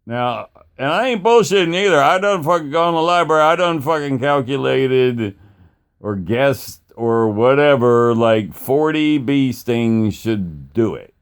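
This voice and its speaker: A man's voice: medium pitch, lively intonation, measured pace, clear, resonant tone. A man telling a story casually, rambling and swearing, with plenty of fillers. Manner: rambling and profane, with many fillers and acted-out quotes.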